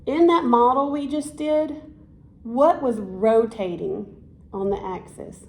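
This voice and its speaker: Taking it slowly, a woman in a fairly high, darkish voice teaches a single student science, offering encouragement and praise as she has the student repeat after her. This one-on-one classroom instruction was recorded in an echoey room with slight background noise.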